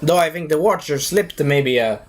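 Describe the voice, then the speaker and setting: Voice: medium pitch, expressive, normal speed, a little hiss or hum. A movie reviewer talking in a casual, rambling way, drifting off topic and breaking into silly voices.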